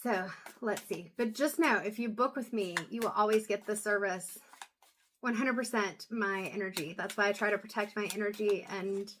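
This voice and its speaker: A woman doing an intuitive reading, talking to camera in a soft, halting way with many pauses and low energy. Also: a little hiss or hum. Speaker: intuitive reader. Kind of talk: casual talk to camera.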